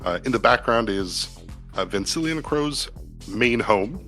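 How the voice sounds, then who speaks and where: A man narrating as game master of a tabletop game, setting scenes in a relaxed, descriptive way with fillers, over light background music. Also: mid-range voice, measured pace.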